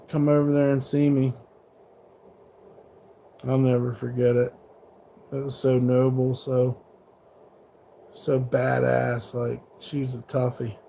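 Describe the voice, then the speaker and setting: A man's voice: medium pitch, creaky, warm tone. A middle-aged man livestreaming from a truck stop, talking casually and swearing as he taunts trolls in the chat. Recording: faint background noise.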